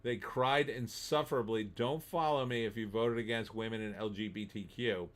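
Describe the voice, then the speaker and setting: A middle-aged man hosts a live stream, reading chat messages aloud and mocking them with sarcastic, laugh-filled commentary and put-on voices. His voice is on the low side, his tone steady and his pace moderate.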